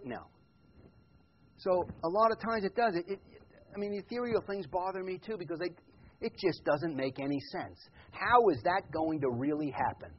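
A man preaching a sermon in a church, loud when quoting scripture and quiet in his asides. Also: fairly high pitch, normal speed, slightly rough. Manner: swings from loud emphatic quotes to quiet reflective asides. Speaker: pastor. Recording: muffled lo-fi church recording.

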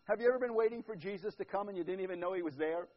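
High-voiced man preaching a sermon. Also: rapid-fire, lo-fi sound. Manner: conversational preaching, swings from quiet asides to loud emphatic build-ups. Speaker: pastor.

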